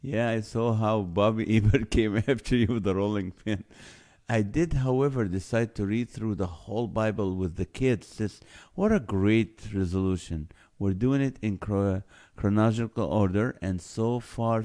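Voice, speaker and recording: A man's voice: on the low side, mellow. Laughing man reading comments aloud. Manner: jokey, laughs often while reading. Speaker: host reading viewer comments. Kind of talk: casual live-stream chat.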